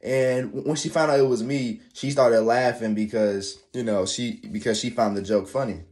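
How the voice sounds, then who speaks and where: A man telling a casual spoken anecdote, halting, full of restarts and slangy fillers. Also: medium pitch, fairly even intonation, a little mellow. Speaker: storyteller.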